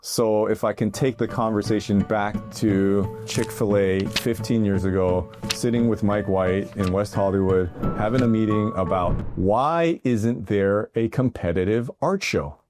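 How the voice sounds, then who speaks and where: A middle-aged man hosting his own art video, giving an animated, jokey motivational monologue that keeps rising into loud bursts. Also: on the low side, unhurried, few pauses. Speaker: artist and video host. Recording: music bed under the voice.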